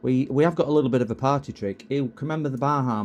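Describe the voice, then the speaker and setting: Rambling, mellow-voiced man. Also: medium pitch, quick pace, dull audio. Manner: rambling, chatty, easily sidetracked. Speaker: streamer repairing electronics. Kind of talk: casual chat while soldering.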